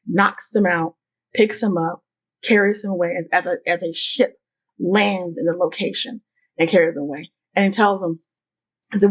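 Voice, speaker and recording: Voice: mid-range voice, steady tone, normal speed, rough recording. A YouTube host giving casual fan commentary, talking in a rambling way, with many fillers and the odd curse word.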